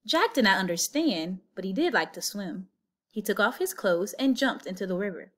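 A woman's voice: medium pitch, animated, normal speed, fairly bright tone. Woman reading a storybook aloud. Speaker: storybook reader. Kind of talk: reading a picture book aloud.

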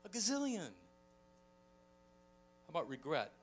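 A middle-aged man preaching a sermon as a pastor, telling stories with animated delivery and acting out quoted voices. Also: a little high, slow, husky. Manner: animated storytelling, acts out quoted voices, chuckles often.

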